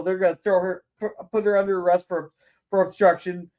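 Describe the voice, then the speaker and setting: High-voiced guy ranting on a podcast, cussing, tripping over his words. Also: flat delivery, fairly quick, mellow. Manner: blunt, profane, stumbling restarts. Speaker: podcast host. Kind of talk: casual opinionated chat.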